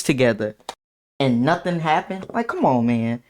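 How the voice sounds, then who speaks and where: A young man streamer telling a casual storytime to his chat in an animated, slangy way, often repeating words. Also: mid-range voice, normal speed.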